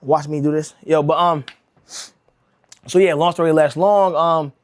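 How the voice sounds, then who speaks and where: Young dude from connecticut, kinda higher voice, just rambling a story to his stream, slangy, says bro constantly. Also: fairly even intonation, a little slow, no room sound. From Connecticut, USA. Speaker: rug-making livestreamer. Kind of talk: casual storytelling on a livestream.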